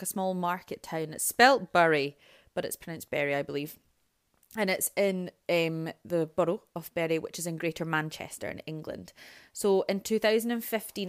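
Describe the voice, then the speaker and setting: A young woman hosting a podcast, telling a true-crime story in a casual, chatty way with asides and self-corrections. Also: lowish voice. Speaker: podcast host.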